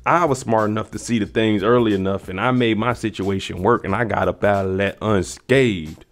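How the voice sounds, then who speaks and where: Low-voiced man recapping a TV episode. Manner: chatty, acts out characters' lines in quick voices. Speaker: recap host. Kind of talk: casual TV recap commentary.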